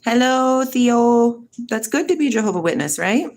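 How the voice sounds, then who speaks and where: A middle-aged woman hosting a live stream, chatting casually with viewers and asking rapid, rambling questions. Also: on the high side, animated, darkish tone. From United States. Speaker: livestream host. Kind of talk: casual live chat answering viewer comments.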